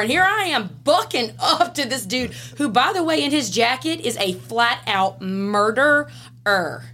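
A woman with a Louisiana Southern accent, a podcast guest telling a story in casual, animated fashion, laughing and swinging between loud and hushed. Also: fairly high pitch, slight background noise. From Southern United States. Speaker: podcast guest, former prison classification officer.

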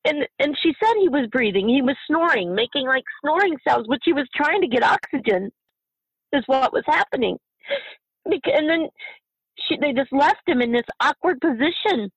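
Impassioned middle-aged woman, halting speech. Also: high-pitched, expressive, no room sound, dull audio. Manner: impassioned, halting, repeats herself. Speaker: guest, bereaved mother. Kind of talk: emotional interview.

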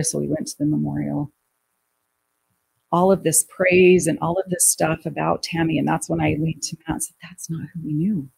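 A woman telling a personal story as an interview guest, acting out what people said in lively quoted dialogue. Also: low voice, vocal fry, breathy edge.

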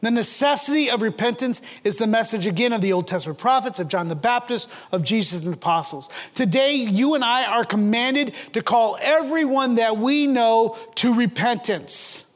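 A high-pitched man preaches a sermon with earnest conviction. He stumbles over his openings, doubling words, and he presses his listeners with rhetorical questions. His voice rings out with a long reverb, as in a large church sanctuary. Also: moderate pace, hardly any pauses. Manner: earnest, asks rhetorical questions, repeats words when starting a phrase. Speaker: pastor.

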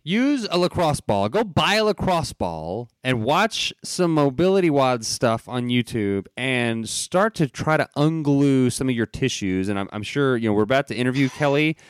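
A man's voice: medium pitch, expressive, clear, resonant tone, dry recording. A man hosting a casual podcast, given to jokes and rambling asides. His voice sits in an ordinary middle register and is recorded close and dry, with no room sound. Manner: joking, rambling, quick asides. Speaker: podcast host.

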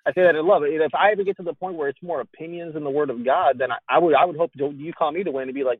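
A man's voice: fairly high pitch, rapid-fire, hardly any pauses, slightly rough, dry recording. A man guesting on a podcast, talking in an earnest, candid, slightly preachy way about ministry. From Hispanic roots in the US. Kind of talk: casual podcast conversation. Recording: tinny phone-like line.

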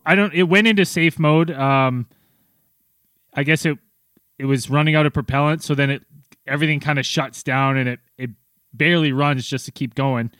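A man hosts a podcast in easy, rambling chat with plenty of fillers. His voice is bright and fairly high, recorded close and dry. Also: moderate pace, dry recording. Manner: loose, rambling, with many fillers and laughs. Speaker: podcast host. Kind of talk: casual chat.

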